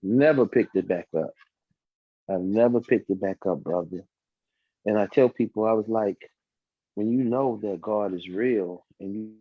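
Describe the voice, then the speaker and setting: A podcast guest with a lowish male voice tells his life story in a casual, testimony-style way, acting out the voices of the people in it. The recording is dry, dull and lo-fi.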